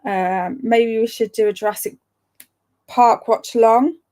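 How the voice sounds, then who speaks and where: A woman's voice: fairly high pitch, steady tone, measured pace, dark tone. Chatty young woman streamer. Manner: chatty, laughs often, reads out viewer comments. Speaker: livestream host. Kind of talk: casual live-stream chat.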